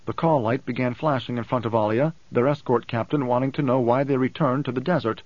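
A man's voice: mid-range voice, fairly quick, few pauses, no room sound. Man narrating an audiobook, dull and dry. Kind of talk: scripted narration.

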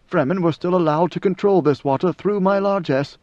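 An ancient god-emperor speaks in slow, grave, measured tones, as a male reader puts him on. The voice sits a little high and carries a dull, lo-fi sound. The recording is dry. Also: a little mellow, dry recording, close to an everyday voice. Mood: solemn. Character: ancient godlike male emperor, calm, solemn.

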